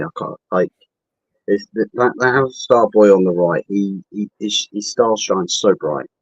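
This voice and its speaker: Teasing Englishman, low voice, dull sound. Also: no room sound. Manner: playful, mock-theatrical teasing. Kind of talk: casual banter.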